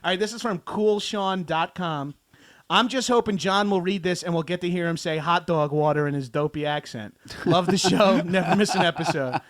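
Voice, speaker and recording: A podcast host in his thirties with a Long Island accent reads out listener roasts. His voice sits fairly high for a man. He is self-mocking and mock-indignant, laughing often. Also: normal speed. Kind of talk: reading listener reviews aloud, casual chat.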